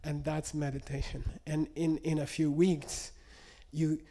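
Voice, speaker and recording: A man teaching meditation to an audience, telling stories in an animated way and checking in with frequent questions. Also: on the high side, unhurried, a little hiss or hum. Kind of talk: spoken teaching with anecdotes.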